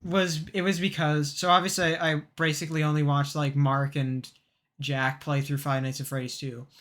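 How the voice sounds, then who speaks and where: Speaking in a bright, forceful voice that sits a bit high for a man, a young podcast co-host works through a story in casual chat. His delivery is flat, rambling and halting, with frequent restarts and plenty of ums and uhs.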